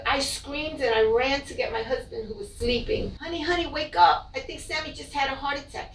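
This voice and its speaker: A middle-aged woman, a mother, gives an emotional, halting personal account of her child's death, often repeating her words. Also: fairly high pitch, creaky, a little hiss or hum. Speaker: bereaved mother telling her story. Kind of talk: personal testimony. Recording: echoey room, from a distance.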